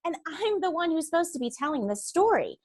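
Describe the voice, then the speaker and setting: A woman's voice: very high-pitched, very animated, fairly quick, darkish tone, pitched above the performer's own voice. A woman voicing a chatty young schoolgirl who narrates a storybook in an eager, confiding way. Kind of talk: storybook read-aloud.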